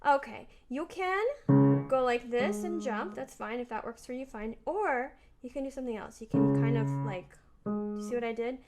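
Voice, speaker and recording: Chatty woman teaching piano over loud playing. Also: fairly high pitch, moderate pace. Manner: relaxed, chatty, thinking aloud while playing. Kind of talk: casual piano practice lesson.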